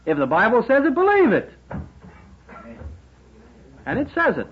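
A man delivers a sermon in a high voice that leaps all over its range, by turns punching out lines and dropping to a near hush. He throws rhetorical questions at the room. The recording is dull and lo-fi. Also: huge pitch swings, measured pace, slight background noise. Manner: emphatic, rhetorical questions, swings between loud and quiet. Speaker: preacher addressing businessmen.

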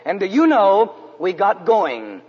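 A man from San Antonio, Texas, preaching a storytelling sermon in an earnest way, sometimes dropping to a hush. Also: high voice, huge pitch swings, takes it slowly, husky. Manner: earnest narrative preaching, drops to hushed tones for emphasis. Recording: dull, echoey hall recording.

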